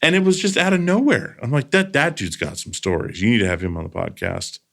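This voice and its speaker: A man's voice: medium pitch, fairly quick, creaky, fairly bright tone. A man hosting a podcast, telling stories in a casual, earnest way with trailing asides. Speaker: podcast host.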